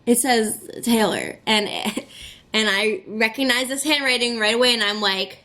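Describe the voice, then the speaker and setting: A young woman vlogger telling a story to the camera in an excitable, chatty way, with plenty of fillers. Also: on the high side, measured pace.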